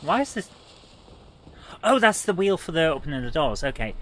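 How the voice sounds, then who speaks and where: A man streaming a retro game live, chatting with viewers in a joking manner and reacting loudly to the gameplay. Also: a little high, big pitch swings, moderate pace. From Britain. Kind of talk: casual live-stream chat, reading chat aloud.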